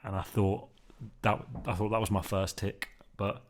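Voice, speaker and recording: A man tests his newly purchased microphone while meandering through a loose, casual monologue for his vlog, heavy on fillers and restarts and constantly ending lines with "man". He speaks at a moderate pace, on the low side with little pitch movement, over slight background noise.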